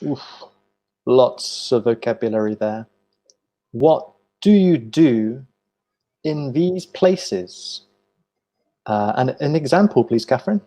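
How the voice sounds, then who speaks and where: A man's voice: medium pitch, expressive, slow, pauses often, warm tone. A man co-hosting an online English lesson, chatting in a playful, self-deprecating way. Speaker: English teacher co-host. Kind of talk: casual teaching chat.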